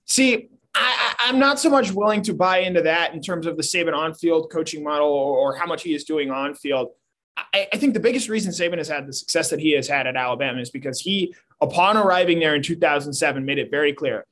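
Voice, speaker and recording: A man's voice: on the high side, quick pace, a bit bright. A man co-hosting a casual sports talk show, analytical and prone to restarting his sentences. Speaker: sports podcast co-host.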